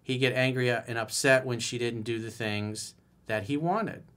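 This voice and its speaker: A man's voice: medium pitch, moderate pace, a bit bright. A man giving dating advice as a coach in a solo video, reading a viewer's email aloud and commenting on it bluntly and emphatically.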